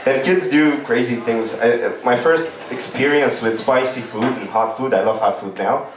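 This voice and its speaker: A man tells loose, rambling stories on a comedy club stage. His voice sits at an ordinary middle pitch. The sound is roomy and comes from some way off the mic. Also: normal speed, a crowd in the background. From Romania. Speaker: stand-up comedian. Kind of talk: stand-up comedy. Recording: echoey room, distant mic.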